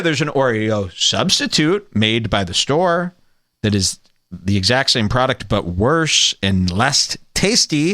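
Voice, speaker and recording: Man, comedy podcast host, sarcastic mock-outrage, profane, bright tone, swooping pitch.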